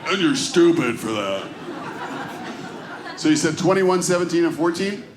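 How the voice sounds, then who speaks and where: A man's voice: on the high side, very animated, moderate pace, background noise. A middle-aged man doing a stand-up routine, chatting with the crowd in a conversational, self-deprecating way. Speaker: stand-up comedian. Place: comedy club stage before a live audience. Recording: roomy live stage recording.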